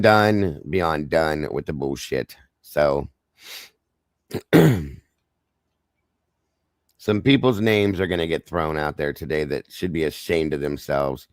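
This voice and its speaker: Male true-crime streamer, low and hoarse, fired up and cursing, close dry sound. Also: dry recording. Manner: angry, ranting, swears freely; greets viewers by name between rants. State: hoarse, losing his voice. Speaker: livestream host. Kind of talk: true-crime livestream chat.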